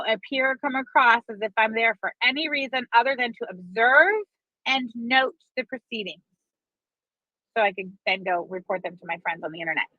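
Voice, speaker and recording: A woman's voice: on the high side, bright, forceful tone, no room sound. A woman telling a long gossipy story in a casual, dramatic and profane way, dragging out her fillers. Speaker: online commentator. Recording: dull lo-fi sound, dry.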